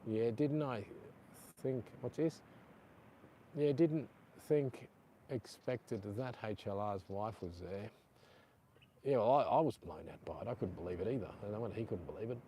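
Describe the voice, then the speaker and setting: A man's voice: on the low side, expressive, normal speed, long pauses, warm tone, slight background noise. Middle-aged australian man, chatty beach livestream host, lapel mic, faint outdoor ambience. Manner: chatty, rambling, reading out viewer comments. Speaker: live-stream host. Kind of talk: casual live-stream chat. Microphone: chest-clipped lapel mic.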